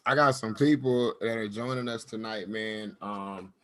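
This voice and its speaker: A man's voice: on the low side, a little slow, fairly bright tone. A man hosting a casual online talk show over a video call, loose, joking and slangy. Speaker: host. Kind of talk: casual chat.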